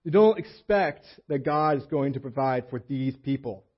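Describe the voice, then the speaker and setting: Through muffled, lo-fi sermon audio, a male pastor preaches conversationally in an animated, slightly rough mid-range voice at a moderate pace. He often slips into the voices of the people he is describing.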